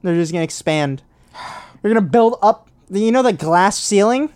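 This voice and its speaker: A man's voice: high-pitched, animated, moderate pace, darkish tone. Teasing young man in casual chat. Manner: teasing, laughs easily, dry asides. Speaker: podcast co-host.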